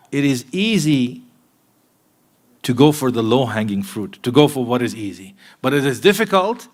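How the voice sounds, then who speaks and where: In a mosque, a man delivers a sermon to a live congregation, speaking earnestly and directly to them. His medium-pitched voice shifts between emphatic points and hushed asides.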